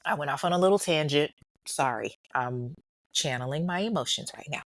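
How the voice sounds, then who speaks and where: A lower-voiced woman hosting a true crime podcast, recorded dry and close with no room sound. She talks in a blunt, outspoken way, curses freely and chats informally with her listeners. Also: expressive, moderate pace, no room sound. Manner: chatty, informal, addresses listeners as y'all. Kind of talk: casual podcast chat and outro.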